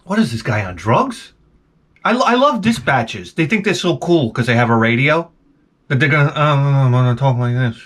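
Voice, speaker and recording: A man's voice: medium pitch, moderate pace. A man riffing in a rambling comedic monologue, jumping into silly voices. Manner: animated, jumps into silly voices. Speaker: comedic vlogger.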